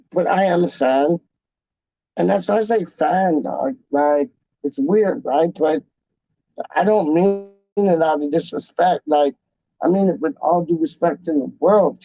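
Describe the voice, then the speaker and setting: Gravelly, slangy man chatting on a livestream. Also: fairly high pitch, dark tone, no echo, lo-fi sound. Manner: slangy and repetitive, calls people "dog" and "man"; rambling, talks straight to the live chat. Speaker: fan channel livestream host. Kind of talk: casual livestream chat.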